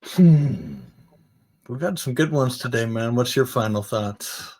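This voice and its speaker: A man co-hosting a sports talk show with a relaxed, easygoing manner. His voice sits in a middle pitch, and he keeps the chat loose and casual. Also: takes it slowly. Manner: laid-back, easygoing. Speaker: sports podcast co-host.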